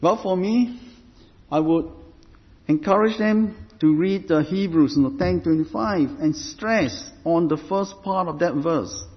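A man with a fairly high voice preaches a sermon at an unhurried, deliberate pace. He repeats phrases as he builds each point. The recording sounds dull, and a long hall reverb trails after his words.

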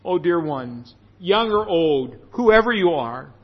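A man preaching a sermon, slow and earnest, stressing phrases by repeating them. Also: on the high side, sing-song, breathy edge. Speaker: pastor. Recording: dull sound with long hall reverb.

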